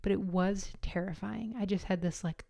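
A woman, likely in her thirties, casually telling her own story, candid and animated, acting out what people said. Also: medium pitch, moderate pace, gravelly, muffled recording. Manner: candid, animated, acts out quotes with laughs. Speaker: podcast host telling her birth story.

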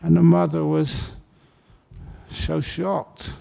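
A man giving a dharma talk as a meditation teacher, telling stories in a relaxed, anecdotal way. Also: medium pitch, a little slow, gravelly.

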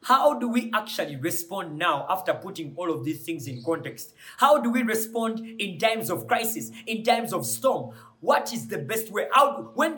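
A man's voice: high-pitched, fairly bright tone. A man preaching a sermon with passion, building to emphatic peaks with repeated rhetorical questions, often repeating words as he searches for them.

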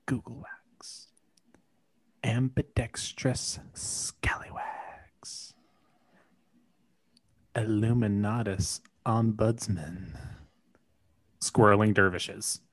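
Sultry whispering tease, put on by a man, whispered role-play, breathy and unhurried. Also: lowish voice, steady tone, dry recording, heavily acted. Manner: breathy mock-seductive whisper.

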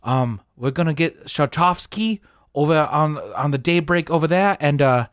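A man's voice: a little high, brisk, darkish tone, clean tone, dry recording, clean studio sound, close to an everyday voice. A man voicing a young Russian soldier who speaks with an overly cheery, bumbling British accent. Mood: chipper. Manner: chipper, bumbling, overly eager.

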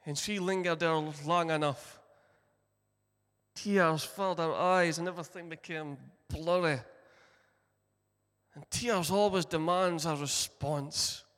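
A Scottish man delivers a sermon from the pulpit, unhurried and deliberate, leaning on his key phrases. His voice sits a little high for a man, and the words ring out in a long hall reverb. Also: fairly even intonation, a bit bright. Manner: earnest storytelling preacher, slow deliberate emphasis. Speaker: pastor.

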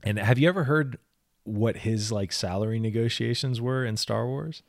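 A man's voice: medium pitch, normal speed, gravelly, no echo, studio quality. A man co-hosting a podcast, telling a long story in casual movie chat, rambling with many restarts. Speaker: podcast co-host.

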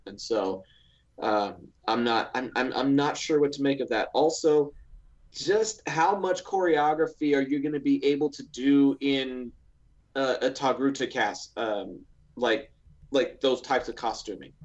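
A man's voice: mid-range voice, a little slow, lo-fi sound. A man co-hosting a podcast in casual chat, rambling with many restarts and filler words. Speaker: podcast co-host.

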